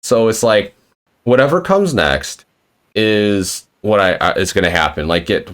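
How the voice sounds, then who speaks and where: A man's voice: on the low side, big pitch swings, a little slow, fairly bright tone. A man hosting a casual live-streamed interview, rambling and swearing freely as he retells stories. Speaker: podcast host.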